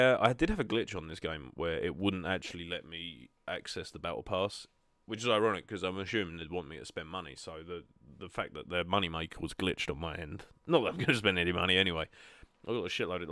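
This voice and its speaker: A man's voice: deep voice, fast talker, few pauses, a bit bright, no echo. A young man hosting a gaming video, chatting casually and self-deprecatingly with lots of ums. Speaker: gaming channel host. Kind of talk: casual gameplay chat.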